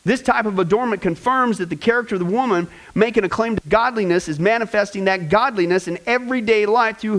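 A male pastor teaches his congregation with a lively, playful delivery. His voice sits high for a man, and he breaks up the lesson with joking asides. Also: low-quality recording. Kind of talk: church teaching sermon.

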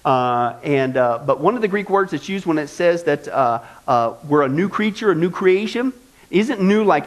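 A man's voice: a little high, lively intonation, normal speed. A male pastor preaching a sermon in a folksy style, driving points home with repetition.

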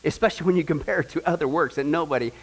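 American man, high voice, lively preacher, emphatic, quizzes the crowd. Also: very fast, breathy edge. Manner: animated, emphatic, asks the audience questions. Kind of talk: sermon with humor.

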